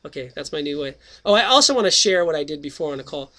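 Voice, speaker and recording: A man's voice: a little high, expressive, quick pace, sharp tone. A middle-aged man hosting his own radio show, talking in a chatty, jokey way that jumps between topics before reading a book aloud. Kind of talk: rambling casual monologue and reading aloud.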